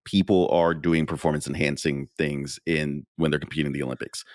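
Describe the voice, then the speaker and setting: A man's voice: very deep voice, flat delivery, fairly quick, a little mellow, dry recording, clean studio sound. A man co-hosting a podcast, chatting casually in a laid-back, profane way and laughing often. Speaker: podcast co-host. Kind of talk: casual chat.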